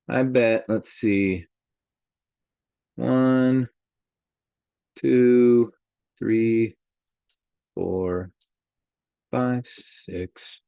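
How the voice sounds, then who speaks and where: A man hosting a group call, talking in an animated way and speaking straight to his listeners. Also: medium pitch, no room sound. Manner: animated, addresses listeners directly. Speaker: host. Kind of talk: motivational group call talk.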